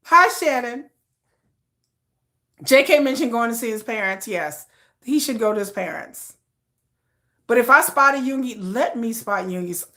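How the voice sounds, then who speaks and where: Bubbly, high-pitched, animated woman vlogger. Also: measured pace, pauses often. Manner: animated, laughing, acting out fangirl reactions. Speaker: K-pop channel host. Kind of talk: excitable casual chat with live chat readers.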